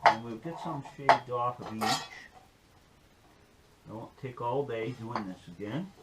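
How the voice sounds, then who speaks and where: A man's voice: mid-range voice, slow pace, heavy background noise. Folksy, rambling man. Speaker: outdoor-skills YouTuber. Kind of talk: casual demonstration and joke-telling.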